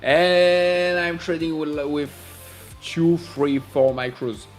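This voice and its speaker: Guy chatting on a live trading stream, kinda high voice, jokey, faint music behind. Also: takes it slowly. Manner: playful, laughs often, reads chat messages aloud. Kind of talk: casual live-stream chat.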